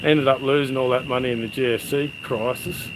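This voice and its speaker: A man's voice: medium pitch, steady tone, brisk, noisy background. A middle-aged Australian man, a livestream host, rambling through stories and chatting casually with his viewers outdoors at night. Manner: rambling, laid-back storyteller, matey. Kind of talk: casual chat with live viewers. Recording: crickets and insects chirping behind.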